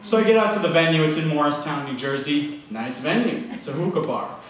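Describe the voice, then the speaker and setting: A man telling a story to a live audience, animated, acting out the people he quotes. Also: a little high, a little fast, noisy background. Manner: animated, acts out quoted voices. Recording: echoey live room, muffled sound.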